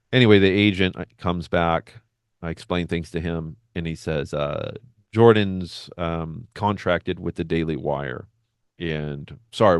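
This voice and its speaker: Brief: low-pitched male storyteller, conversational monologue, dry close recording. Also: creaky, no room sound. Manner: animated retelling with acted-out quotes. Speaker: benzo recovery coach.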